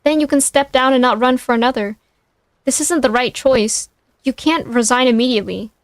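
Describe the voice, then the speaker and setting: A woman's voice: high voice, normal speed, no room sound. A woman voicing a firm, pragmatic female adviser who talks someone out of a rash choice. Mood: insistent. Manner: insistent, reassuring.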